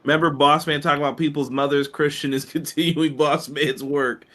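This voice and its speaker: A man co-hosting a podcast in a relaxed way, reading viewer chat comments aloud and chuckling along. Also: fairly high pitch, fairly quick, a little hiss or hum.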